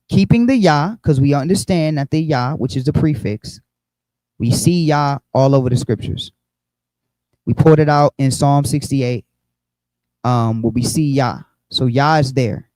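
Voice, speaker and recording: A man's voice: medium pitch, warm tone, no room sound, poor audio. A man teaching a Bible lesson on a livestream, explaining step by step and checking in often with "okay?" and "right?", with frequent fillers. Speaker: religious teacher.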